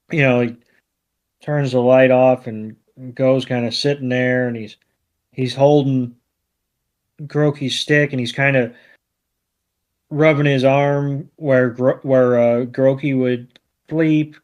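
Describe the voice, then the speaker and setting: A man co-hosting a podcast, retelling a cartoon episode in a relaxed way with many fillers. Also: medium pitch, takes it slowly, long pauses, muffled recording. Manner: laid-back, lots of ums and you-knows. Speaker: podcast co-host. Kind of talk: casual episode recap.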